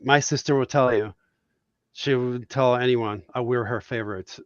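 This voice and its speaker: A man's voice: medium pitch, steady tone, moderate pace, dry recording. Man from Puerto Rico, heartfelt storyteller, dry muffled sound, casual talk. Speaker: guest cartoonist. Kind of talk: casual podcast conversation.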